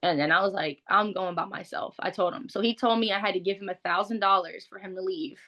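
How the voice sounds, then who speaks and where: A woman talks as an interview guest, recounting her own experiences openly. Her delivery is casual and conversational, full of "like" and quick restarts, frank rather than polished. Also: medium pitch, steady tone, a bit bright. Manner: frank, conversational, heavy use of "like". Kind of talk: candid personal storytelling.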